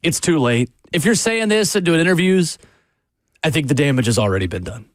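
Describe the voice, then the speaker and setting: A man's voice: on the high side, fairly quick, no room sound, clean studio sound. Upbeat male sports radio host. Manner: energetic, chatty, laughs easily. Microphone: studio microphone.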